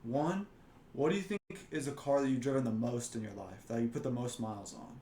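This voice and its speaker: A young man asks his father questions in an easygoing, casual way, often answering with a quick yeah. His voice sits at a medium pitch in an echoey room with faint background noise. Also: dark tone. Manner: easygoing, backchannels with yeahs. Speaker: son and interviewer. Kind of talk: casual family interview.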